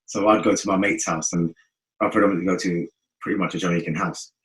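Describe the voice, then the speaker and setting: A man with a London accent, a guest telling stories in a casual interview, animated and rambling, acting out the people he quotes. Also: low voice, poor audio. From North West London. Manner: animated, acts out quoted voices, fast rambling. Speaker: guest musician.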